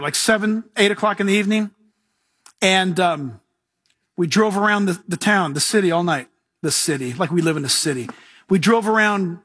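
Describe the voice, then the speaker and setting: A man delivers a sermon in a high, bright, slightly husky voice. He tells stories and cracks jokes with frequent chuckles, slipping into playful impressions of other people. The sound is close and dry. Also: no echo. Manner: mimics other people in lively asides. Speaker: pastor.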